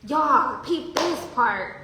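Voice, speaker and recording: A woman telling a travel story in a casual, animated way, laughing often and talking about spiritual signs. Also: high-pitched, extremely slow. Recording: very echoey room with faint hiss.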